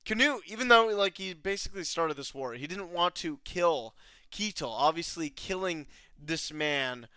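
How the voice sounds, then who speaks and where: Bright-voiced young man recapping anime. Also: fairly high pitch, expressive, moderate pace, clear, resonant tone, dry recording. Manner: rambling, swears often, laughs, many fillers. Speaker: anime reviewer. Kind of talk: casual recap commentary.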